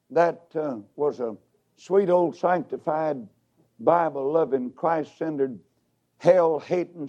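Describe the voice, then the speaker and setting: A man preaching a revival sermon, shouting to loud highs and dropping to hushed lows in a sing-song delivery. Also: dull audio.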